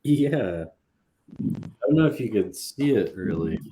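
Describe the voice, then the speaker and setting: Casting: low male voice, slow, very lively pitch, mumbly and chuckling, clear background noise. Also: low-quality recording. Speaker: co-host. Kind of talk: casual livestream chat.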